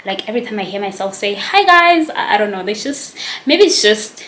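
A woman's voice: mid-range voice, a little fast. Casual vlogger, woman, 20s, mid-range voice, self-conscious rambling delivery, echoey room. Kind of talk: casual vlog chat to camera.

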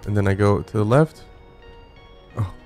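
A man's voice: fairly low pitch, moderate pace, darkish tone, faint music behind. A man streaming a climbing game live, talking to chat in a frantic, swearing way and laughing at himself. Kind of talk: live gameplay commentary. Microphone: studio dynamic microphone.

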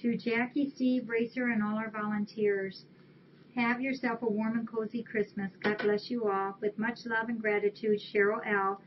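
The webcam audio is dull and lo-fi with a little hiss or hum as a shelter host chats casually, reading holiday cards aloud and thanking viewers who sent them. Her slightly high voice is level, at a moderate pace.

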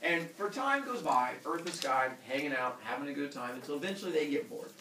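A man teaching a class, retelling a myth in a jokey, animated way and acting out the characters. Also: on the high side, fairly quick, slight background noise. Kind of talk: classroom storytelling. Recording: echoey classroom from far off.

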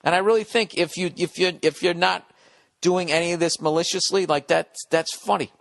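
A man's voice: high-pitched, steady tone, brisk, gravelly, fairly bright tone. Profane, rambling male podcast host. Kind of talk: comedic solo podcast rant.

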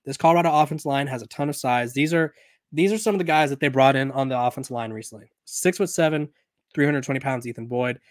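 A man's voice: medium pitch, quick pace, no room sound, clean studio sound. A man hosting a sports podcast in a casual, conversational way, often restarting and correcting himself, while he has the hiccups. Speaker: podcast host.

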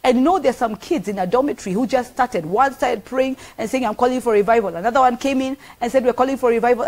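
A woman's voice: a little high, a little mellow. A middle-aged woman with a Kenyan accent delivers a sermon. She talks earnestly and with emphasis, and she repeats phrases to drive each point home. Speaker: pastor.

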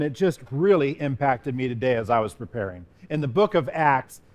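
A man as a pastor giving an earnest devotional sermon, reading scripture with rising emphasis. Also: fairly high pitch.

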